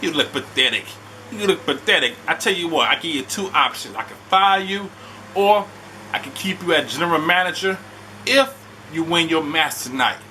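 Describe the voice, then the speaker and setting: A man's voice: on the high side, lively intonation, moderate pace, pushed and bright, slight background noise, rough recording. A man voicing a bossy, scornful female wrestling executive who talks in commanding put-downs.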